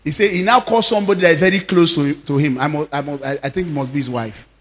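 A fifty-something Nigerian pastor preaches with a storyteller's animation, often laughing and weaving Yoruba phrases into his English. He talks quickly, at a fairly high pitch.

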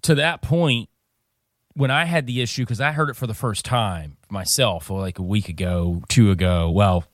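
A man's voice: lowish voice, normal speed, dry recording. A man with a mid-range voice hosts a podcast, upbeat and ribbing his co-hosts in loose banter. He sits close to a dry studio mic. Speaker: podcast host.

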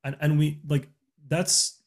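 A man's voice: a little high, level tone, slow pace, creaky. A man talking earnestly in a casual podcast chat, giving relationship advice with many restarts and fillers.

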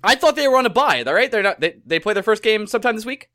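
A man's voice: sits high, lively intonation, quick pace. A young man from New hosting a podcast, ranting angrily and swearing in casual chat. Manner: angry, yelling, swearing rant. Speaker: podcast host.

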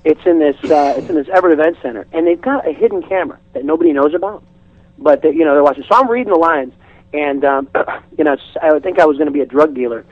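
A comedian guest on a radio talk show, a man telling an animated, chatty story and restarting his sentences often. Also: a little high, fast talker, muffled recording. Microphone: studio microphone.

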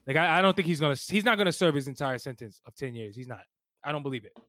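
A man's voice: fairly high pitch, lively intonation, quick pace, fairly bright tone, no echo, clean studio sound. A man co-hosting a podcast, arguing bluntly and swearing casually in banter. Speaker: podcast co-host.

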